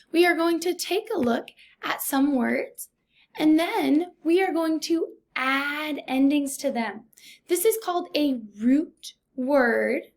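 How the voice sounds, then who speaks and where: A woman teaching a recorded first grade phonics lesson, speaking slowly and deliberately in an encouraging teacher's way. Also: high voice, vocal fry.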